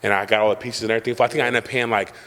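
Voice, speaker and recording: A man's voice: lowish voice, flat delivery, rapid-fire, a bit bright, in a large hall. A young man hosting a casual chat, telling a boastful, profane, slang-heavy story. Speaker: podcast host telling a story.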